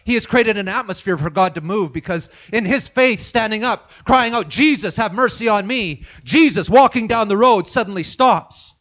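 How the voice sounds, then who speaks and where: A man's voice: sits high, animated, normal speed, hardly any pauses, a bit bright. A man preaching a sermon, retelling a story and repeating phrases for emphasis, in a dull lo-fi recording.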